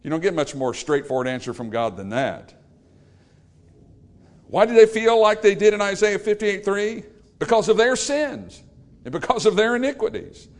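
A man's voice: high voice, normal speed. A man preaching a sermon in an emphatic, repetitive cadence, stressing each phrase in turn. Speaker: pastor.

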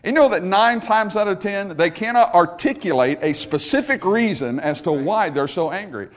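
A man's voice: high voice, lively intonation, normal speed. A male pastor preaching a sermon, emphatic and repetitive, calling out for amens from the congregation.

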